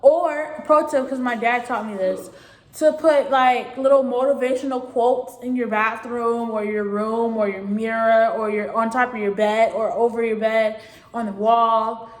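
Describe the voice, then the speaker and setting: A teenage girl talks straight to her viewers, circling back over the same points in an earnest, rambling way. Her voice sits a little high, and the room around her gives it a noticeable echo. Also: steady tone, unhurried. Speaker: vlogger giving advice. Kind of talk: casual spoken advice. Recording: echoey room.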